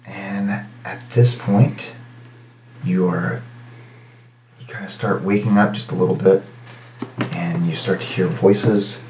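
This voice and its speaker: A man running a tabletop game as game master, narrating in a halting way full of fillers and small restarts. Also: deep voice, fairly even intonation, darkish tone, reverberant, a little hiss or hum.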